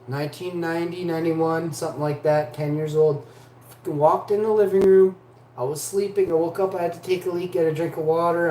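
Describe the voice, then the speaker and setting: A man's voice: fairly high pitch, roomy sound, slight background noise. A man in his forties from Canada, rambling profanely through stories as a livestream host. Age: 40s. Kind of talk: rambling casual monologue.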